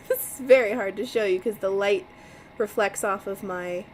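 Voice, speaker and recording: A woman's voice: medium pitch, normal speed, a little hiss or hum, low-quality recording. A woman reading a mystery novel aloud on a livestream, chatty, laughing often and breaking off to comment. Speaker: livestream book reader. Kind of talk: casual read-aloud livestream.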